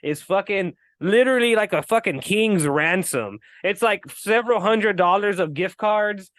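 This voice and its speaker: High-voiced profane podcast guy. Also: moderate pace, no room sound, studio quality. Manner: profane, laughing often, animated. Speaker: podcast co-host. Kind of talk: casual podcast banter.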